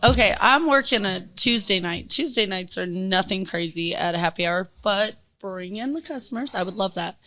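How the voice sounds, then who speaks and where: A woman bartender telling a lively story in casual chat, acting out the people in it. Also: mid-range voice. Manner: animated storyteller, acts out quotes. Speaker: bartender guest.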